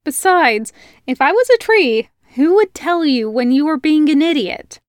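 A woman's voice: high voice, animated, a little slow, no echo, studio quality, pitched above the performer's own voice. A woman doing a bold, teasing young village woman. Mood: playful retorting. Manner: teasing, laughing, insistent.

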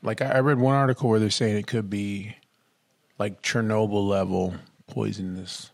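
A man's voice: lowish voice, steady tone, moderate pace, creaky, no echo, studio quality. A man co-hosting a casual podcast, playful and jokey, spinning out long descriptions. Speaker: podcast co-host.

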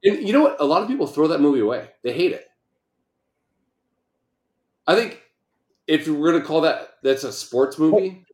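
A man's voice: fairly high pitch, expressive, moderate pace, long pauses, darkish tone. A man co-hosting a casual talk show, rambling and swearing often in loose banter. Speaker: podcast co-host. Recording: roomy echo.

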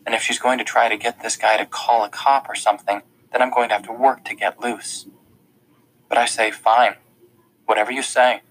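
A man's voice: medium pitch, fairly bright tone, slightly rough, low-quality recording. A man reading a first-person audiobook in an earnest, tense storytelling manner. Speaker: audiobook narrator.

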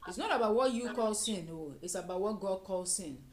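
A woman's voice: medium pitch, animated, brisk. A woman leading a fervent prayer session, repeating lines and breaking into tongues. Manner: fervent, repetitive, with bursts of speaking in tongues. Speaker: prayer leader.

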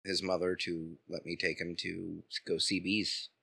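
A man co-hosting a casual podcast, laid-back and chuckling, talking in halting bursts. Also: low voice, level tone, vocal fry, pushed and bright, husky, no room sound. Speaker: podcast co-host.

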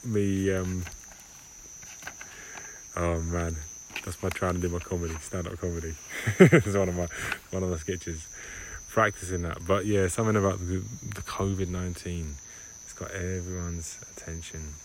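A man with a very low voice rambles through a solo podcast monologue, halting and correcting himself as he goes. His home recording carries a clear, steady background hiss. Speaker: podcast host. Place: home in Barbados.

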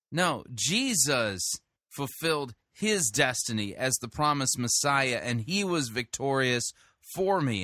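A man hosting a show who critiques a sermon in an emphatic, deliberate way. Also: mid-range voice, sharp tone, no room sound, clean studio sound. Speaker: host reviewing a sermon. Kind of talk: podcast commentary.

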